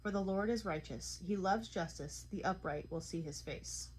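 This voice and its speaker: Woman, lowish voice, measured psalm reading, co-host. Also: a little hiss or hum, low-quality recording. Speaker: Bible reader.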